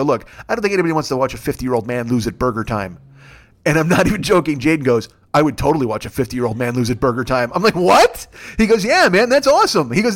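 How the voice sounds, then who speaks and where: A man in his fifties rattles through a rambling comic story at a quick clip, swearing freely and slipping into the voices of the people he quotes. His voice sits a little high for a man, and he gets excitable as the story builds. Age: 50s. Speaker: podcast host. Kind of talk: solo comedic storytelling.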